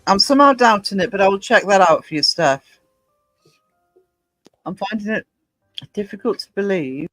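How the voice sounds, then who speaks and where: A woman's voice: mid-range voice, expressive, moderate pace, fairly bright tone, dry recording, soft background music, poor audio. Chatty Northumbrian woman hosting a livestream. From Northumberland, England. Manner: chatty, reads chat comments aloud. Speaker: livestream host. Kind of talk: casual chat with live viewers.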